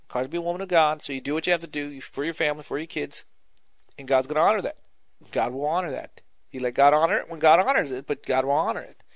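A man's voice: on the high side, no room sound. Man preaching an informal testimony. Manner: conversational, repeats phrases for emphasis, ends in prayer.

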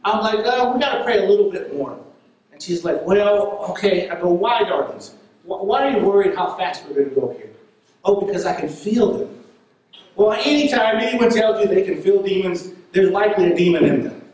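A man preaching a sermon and telling a story in an animated way, laughing now and then. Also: sits high, moderate pace, very echoey, far from the mic, poor audio.

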